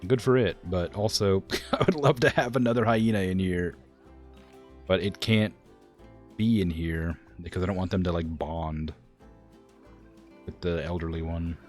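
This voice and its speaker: Low-voiced rambling male streamer. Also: moderate pace, pauses often, darkish tone, faint music behind. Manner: rambling, talks to the animals, many "like" fillers; tired, yawning. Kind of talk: casual game commentary.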